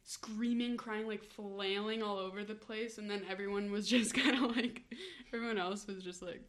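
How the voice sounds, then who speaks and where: A woman's voice: mid-range voice, normal speed. A young woman co-hosting a casual chat podcast, telling stories with many fillers. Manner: chatty, many "like" fillers, animated storytelling. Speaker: podcast co-host.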